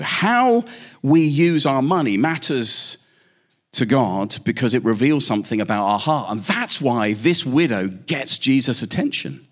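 A man preaching a sermon, telling stories with lively emphasis and repeated questions. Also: mid-range voice, a little slow.

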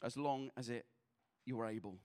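A man preaching a sermon as a pastor, earnest, often repeating his words, moving between passionate exhortation and quiet prayer. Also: mid-range voice, moderate pace.

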